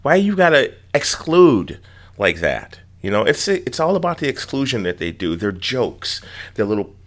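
A man's voice: mid-range voice, sing-song, moderate pace. A man in his fifties in a casual group chat, talking frankly with plenty of swearing and easy laughs. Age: 50s. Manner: frank and profane, laughs easily.

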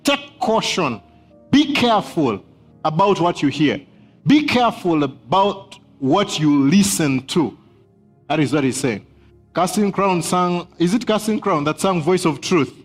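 A man's voice: sits high, lively intonation, a little slow, soft background music. A man preaching a sermon as pastor, emphatic, repeating key phrases and laughing between points.

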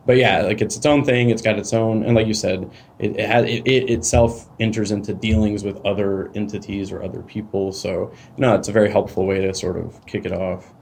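Fast-talking Canadian podcast host. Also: male voice, fairly low pitch, steady tone, creaky, darkish tone, a little hiss or hum. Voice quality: chatty, lots of "like" and "you know". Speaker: financial advisor and podcast host. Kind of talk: podcast interview.

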